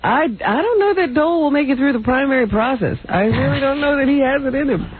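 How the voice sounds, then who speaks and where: A man co-hosting a talk radio show, chatty and quick to laugh as he sets up clips. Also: very high-pitched, lively intonation. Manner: chatty, laughs often, feeds the host. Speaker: radio co-host. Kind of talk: casual talk-radio banter. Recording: tinny lo-fi radio recording with faint hiss.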